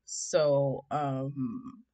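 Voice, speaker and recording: A young woman telling a story to camera in a chatty, animated way, acting out what people said and laughing along. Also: a bass voice, extremely slow. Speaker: vlogger. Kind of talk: casual storytime.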